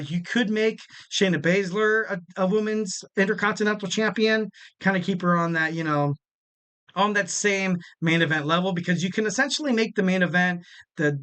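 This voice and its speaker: A man's voice: sits high, fairly bright tone, smooth. A man in his twenties hosting a wrestling podcast in a casual, rambling way, often repeating phrases for emphasis. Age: 20s.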